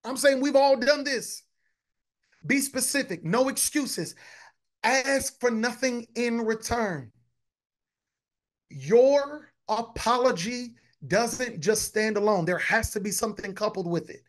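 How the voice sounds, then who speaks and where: A man's voice: very high voice, lively intonation, slow pace. A man, a pastor preaching a conversational sermon, repeating phrases and talking to his congregation directly.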